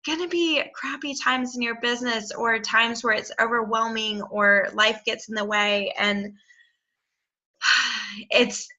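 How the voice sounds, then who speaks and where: A woman's voice: fairly high pitch, fairly even intonation, takes it slowly, sharp tone. A woman leading a team video call, talking frankly and encouragingly. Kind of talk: casual video call chat.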